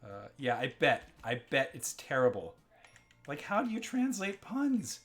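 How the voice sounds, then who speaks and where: A man from Germany hosts a live gameplay stream in casual chat. He rambles, reads out the chat and laughs easily, with a middling pitch. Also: huge pitch swings, measured pace, fairly bright tone, faint music behind.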